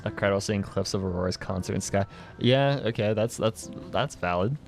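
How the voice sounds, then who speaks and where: Over music, a young man with a low-leaning, gravelly voice speaks briskly as he plays a game on stream. His talk is loose and meandering as he reads chat, broken up by laughs, fillers, and restarts.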